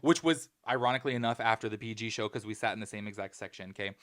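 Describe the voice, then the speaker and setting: A man co-hosting a podcast, telling a story in casual chat with emphatic, animated delivery. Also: lowish voice, very fast. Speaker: podcast co-host.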